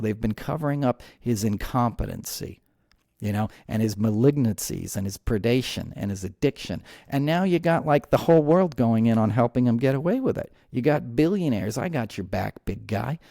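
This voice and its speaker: Dude ranting on his podcast, kinda gravelly, heated, keeps restarting his sentences. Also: medium pitch, expressive, normal speed, mellow, no room sound, clean studio sound. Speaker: podcast host. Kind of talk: angry political commentary.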